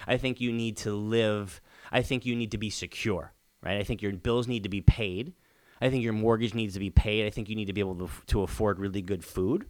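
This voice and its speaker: A man who is a father and hosts a podcast, talking alone with emphatic repetition and stretches of rising, excited urging. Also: fairly quick. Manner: earnest, emphatic, repeats key phrases; builds to excited high-pitched urging. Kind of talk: motivational solo podcast talk.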